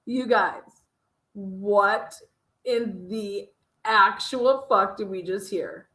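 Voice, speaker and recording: A woman's voice: mid-range voice, very slow, pushed and bright, roomy sound. A woman hosting a true crime show, reacting to a clip with profane, incredulous commentary and bursts of laughter. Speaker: true crime podcast host.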